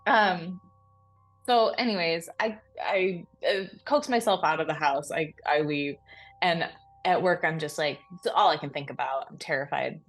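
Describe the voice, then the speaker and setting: Female podcast co-host, low voice, excitable casual storyteller. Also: a little slow, faint music behind. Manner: animated, breathless retelling with frequent laughs and fillers.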